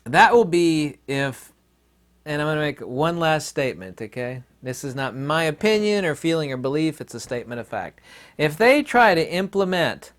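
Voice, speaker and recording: A man's voice: on the high side, sing-song, normal speed. A man hosting his own channel, delivering a rambling, opinionated monologue to his viewers with many fillers and asides. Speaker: channel host.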